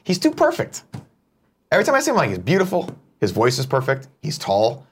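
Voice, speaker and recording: A man's voice: mid-range voice, wildly swooping pitch, brisk, slight background noise. A man hosting a morning show, chatting casually and animatedly, swearing freely. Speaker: show host. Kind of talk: casual chat.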